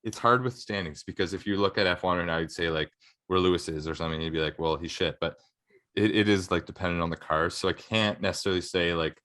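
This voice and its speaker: A man's voice: deep voice, fast, fairly bright tone. A young man, co-hosting a podcast in casual, rambling chat full of fillers. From Canada. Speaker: podcast co-host.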